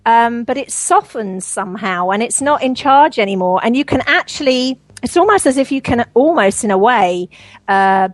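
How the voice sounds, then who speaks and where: A woman talks earnestly, winding through her thoughts with many fillers and easy laughs. Her voice sits a little high and sounds dry and close. She speaks as an interview guest on a spiritual show. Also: animated, moderate pace, dry recording, rough recording. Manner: earnest, rambling, laughs often. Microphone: radio show line.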